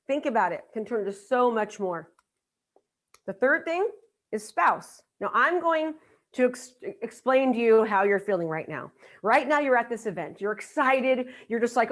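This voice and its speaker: A middle-aged woman giving a motivational seminar talk as a business coach, emphatic and repeating her key lines for effect. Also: fairly high pitch. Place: live event.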